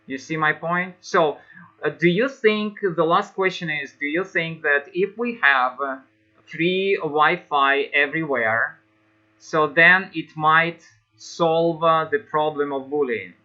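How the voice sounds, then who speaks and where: A man leads an English lesson, speaking slowly and haltingly through many fillers. His voice is very bright and sits a little high. The audio is dull and lo-fi, like an online class call. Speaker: English teacher.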